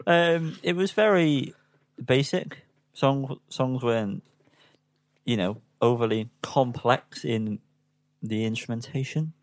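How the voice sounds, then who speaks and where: A man's voice: medium pitch, slow, dry recording, studio quality. A man co-hosting a casual album review chat, hesitant and self-deprecating, full of ums. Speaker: podcast co-host reviewing albums.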